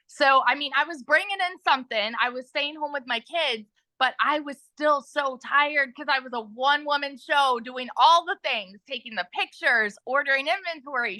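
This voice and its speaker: A chatty woman in her thirties, speaking high and bright, with a sharp, forward tone. She tells her story in a loose, excited way and keeps turning to speak to the viewers. The sound is dry and close. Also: dry recording. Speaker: guest sharing her story. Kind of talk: casual livestream interview.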